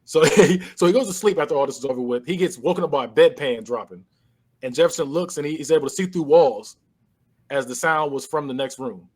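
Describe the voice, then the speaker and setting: This man's voice sits on the high side, and he talks fast. In a relaxed podcast conversation he runs through a movie's plot, acting out characters' dialogue with laughter.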